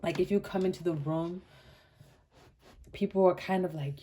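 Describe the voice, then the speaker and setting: Low-voiced woman giving a chatty tarot reading. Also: normal speed, a little hiss or hum. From Botswana. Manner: chatty and animated, many "like" fillers, laughs often. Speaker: tarot card reader. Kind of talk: casual pick-a-card tarot reading.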